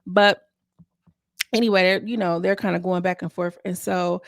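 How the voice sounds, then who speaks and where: A woman's voice: on the low side, steady tone, normal speed, vocal fry, no room sound, studio quality. A woman hosting a casual recap vlog, reviewing a reality TV episode with chatty, sassy asides.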